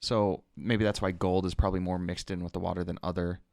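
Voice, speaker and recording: A man's voice: low voice, level tone, fairly quick, vocal fry, a little mellow, no echo. A man co-hosting a podcast in casual chat, explaining things loosely with lots of "like" and making dry jokes. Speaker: podcast co-host.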